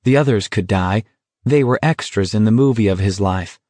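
Audiobook narrator: male, low voice, measured and steady, dry close sound. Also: no room sound.

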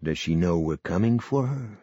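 Man doing a grim, quiet male leader. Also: deep voice, lively intonation, moderate pace, husky, dry recording, highs cut off.

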